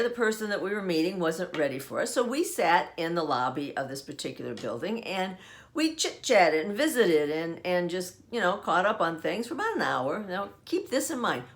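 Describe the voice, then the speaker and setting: Older woman host, animated storyteller, very lively pitch, laughs a lot. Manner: animated, laughs often while telling. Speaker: podcast host. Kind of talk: casual storytelling. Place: at home.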